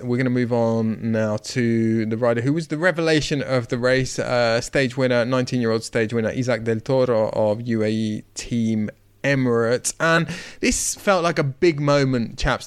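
A man hosting a podcast, steering a panel discussion in a measured, articulate way. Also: medium pitch, clear, resonant tone, no echo. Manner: measured, articulate, leading the talk. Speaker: podcast host.

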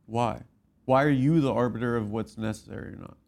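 A man's voice: medium pitch, a little fast, a little mellow. A man co-hosting a podcast, teasing and pushing back in casual comedic banter. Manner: teasing, pushy. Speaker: podcast co-host.

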